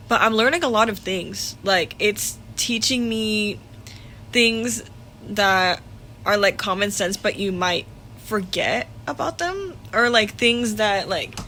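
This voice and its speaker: A woman's voice: a little high, sharp tone, a little hiss or hum. Chatty young woman vlogging her day. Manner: chatty, rambling, swears casually. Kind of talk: casual daily vlog.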